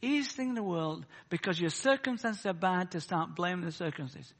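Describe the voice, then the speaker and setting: A man preaching a sermon. He swings between loud, fervent peaks and soft, chatty asides. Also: high-pitched, fairly quick, long reverb tail.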